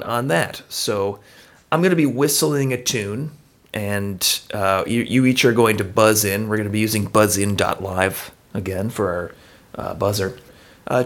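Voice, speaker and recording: A man's voice: fairly low pitch, fairly bright tone. A man hosting a game segment in casual podcast chat, hesitant with many fillers as he explains the rules.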